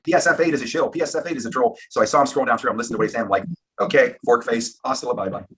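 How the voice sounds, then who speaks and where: A man's voice: medium pitch, rapid-fire, fairly bright tone, a little hiss or hum. A man hosting a live-stream round table, talking in a brash, rambling, fired-up way. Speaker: live show host.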